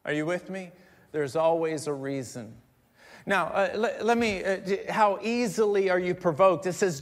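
A middle-aged male pastor preaching a conversational sermon, joking with the crowd and swinging between quiet asides and loud emphatic bursts. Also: high voice, moderate pace. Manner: conversational, jokes with the congregation.

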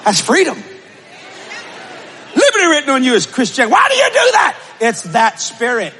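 A man preaching a sermon and telling a story, with shouted bursts and laughing asides. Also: extremely high pitch, wildly swooping pitch, normal speed. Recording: live audience, faint crowd noise.

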